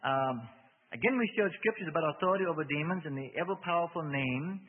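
A man's voice: on the high side, expressive, quick pace. A male preacher giving a sermon, emphatic and repetitive, often restarting his sentences. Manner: emphatic, repeating himself, frequent restarts. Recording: tinny radio broadcast with long hall reverb.

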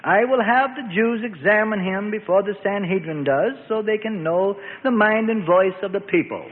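Furious bellowing king, a man doing the voice, pitched up, tinny phone-line sound. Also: lightly acted. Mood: raging. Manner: shouting, bellowing, slow and drawn-out. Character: raging proud old king, tyrannical. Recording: phone-like band with long reverb and faint noise.

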